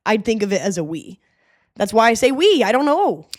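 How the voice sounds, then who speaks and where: Chatty young woman co-host, slightly high. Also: very animated, fairly quick, no echo, clean studio sound. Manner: rambling, self-deprecating, laughs often. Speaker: podcast co-host. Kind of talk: casual chat.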